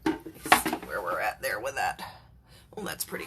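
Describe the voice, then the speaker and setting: A woman's voice: a bass voice, big pitch swings, moderate pace, heavy background noise. A woman chatting casually in her home kitchen as she cooks, laughing often and cooing at her cats. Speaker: home cook and channel host. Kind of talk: casual cooking vlog. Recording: loud kitchen clatter behind voice. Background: dishes, cutlery and stirring sounds.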